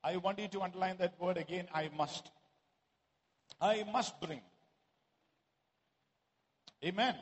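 A man preaching a sermon to a congregation in a church, at times raising his voice to a shout. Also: sits high, takes it slowly, long pauses, a little hiss or hum. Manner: rises to shouting exclamations. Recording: echoey hall.

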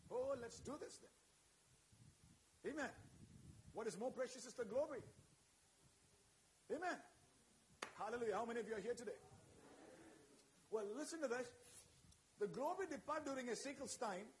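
A man's voice: extremely high pitch, animated, moderate pace, pauses often, a little hiss or hum. A man preaching a sermon to a congregation, fervent and frequently calling out amen and hallelujah while asking the listeners questions.

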